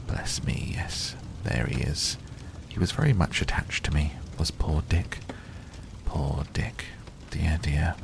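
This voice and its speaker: A man voicing an elderly male miser who speaks in a hushed, wistful way. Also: very deep voice, steady tone, unhurried, vocal fry, noisy background, heavily acted. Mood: tender, hushed.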